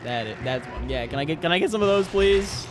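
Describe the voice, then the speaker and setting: A man streaming a video game, rambling and joking with chat and breaking into loud excited outbursts. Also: on the high side, fast, music in the background. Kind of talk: casual live-stream chatter.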